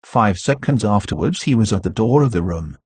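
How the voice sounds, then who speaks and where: A man narrating a classic novel in a steady, even audiobook reading. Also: fairly low pitch, brisk, slightly rough, no room sound. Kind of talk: scripted narration.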